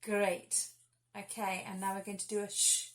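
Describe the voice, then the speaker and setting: A woman leading children through a singing warm-up, giving clear and encouraging instructions. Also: medium pitch, monotone, moderate pace, a little hiss or hum. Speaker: singing teacher.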